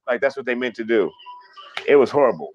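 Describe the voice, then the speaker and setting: A man hosting a casual livestream, chatting fast and rambling, swearing freely as he reads viewer comments. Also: medium pitch, animated, dull audio, soft background music. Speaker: livestream host.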